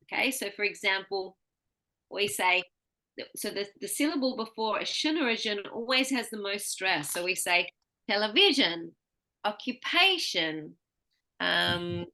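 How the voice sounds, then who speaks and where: A woman speech pathologist giving a patient one-on-one pronunciation lesson, explaining slowly with examples. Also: medium pitch, fairly even intonation, bright, forceful tone.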